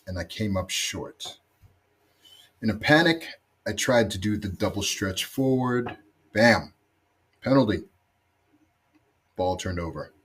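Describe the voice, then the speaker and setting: Husky low-voiced man giving a tribute. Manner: reflective, gently storytelling, voice dropping low at phrase ends. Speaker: former rugby teammate giving a tribute. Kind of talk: recorded memorial tribute.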